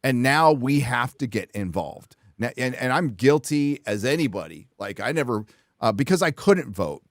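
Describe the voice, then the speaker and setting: A man's voice: medium pitch, big pitch swings, normal speed, no room sound, clean studio sound. A man hosting a casual chat podcast, speaking bluntly and emphatically and swearing freely. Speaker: podcast host.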